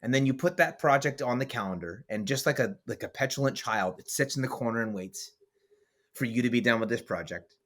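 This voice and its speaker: A man's voice: medium pitch, brisk, a bit bright. A man hosting a podcast as author and coach, talking in a blunt, emphatic way with vivid swearing. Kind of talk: casual podcast conversation.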